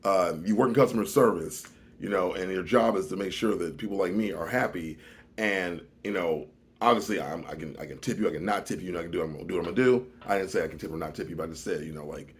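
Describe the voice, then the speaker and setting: A man telling a comedic story on his vlog, animated, swinging from loud, exaggerated lines to low mutters. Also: fast talker, breathy edge. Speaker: vlogger.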